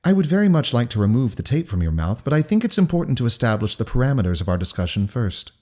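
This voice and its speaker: A man's voice: mid-range voice, sing-song, mellow, close to an everyday voice. A man reading a cold, courteous male captor. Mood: cold polite. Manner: measured, courteous, coldly formal. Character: calm menacing male kidnapper, polished and polite.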